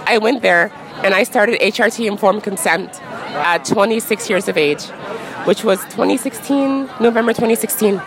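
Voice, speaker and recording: A woman in her thirties speaking frankly in a casual street interview, full of "like" and quick laughs. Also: medium pitch, poor audio. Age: 30s. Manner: frank, chatty, peppered with "like" and laughs. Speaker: interview guest. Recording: crowd noise outdoors.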